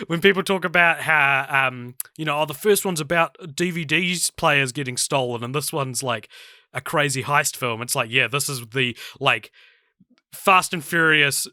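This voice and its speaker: Chatty man with a very bright voice. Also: a little high, a little slow, dry recording, clean studio sound. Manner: chatty, jokey, laughs often. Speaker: podcast co-host. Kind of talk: casual film podcast chat.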